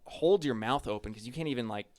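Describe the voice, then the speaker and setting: A man's voice: mid-range voice, fast talker. A man narrating a tabletop role-playing game as game master, loose and casual, with lots of ums and likes.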